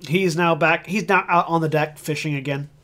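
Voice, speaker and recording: A man with a high voice runs a tabletop game, narrating what the players see. He keeps it dry and wry. His asides land lightly between scene descriptions. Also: steady tone, normal speed, bright, forceful tone. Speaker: game master.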